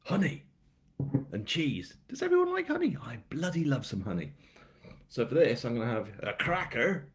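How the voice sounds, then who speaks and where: Speaking at normal speed in a mid-range voice with huge pitch swings and vocal fry, a British man hosts a live launch of his crime novel. The chat is casual and rambling, thick with filler words and self-deprecating humor.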